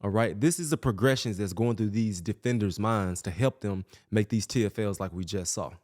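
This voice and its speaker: A man hosting a podcast, breaking down football film in a coaching way, explaining step by step with quick self-corrections. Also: on the low side, a little mellow. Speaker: podcast host.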